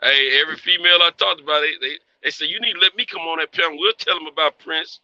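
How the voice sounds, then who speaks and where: A man's voice: fairly high pitch, fast, pushed and bright. A man joining a live stream as a guest, boastful and joking in casual chat. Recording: dry, lo-fi call audio.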